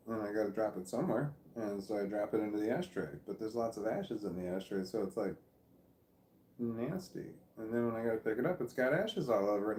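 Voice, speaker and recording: A man's voice: on the low side, a little mellow, roomy sound. A Midwestern American man vlogging in a rambling, self-deprecating monologue that keeps losing its thread. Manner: meandering, self-deprecating, loses his train of thought. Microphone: phone or camera nearby.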